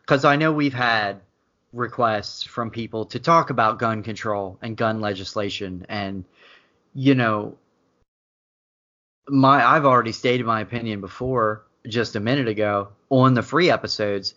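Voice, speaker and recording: A man's voice: mid-range voice, unhurried, sharp tone. A man co-hosting a podcast, rambling and joking in casual, profane chat. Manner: rambling, joking, swears freely. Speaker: podcast co-host. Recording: dull lo-fi sound.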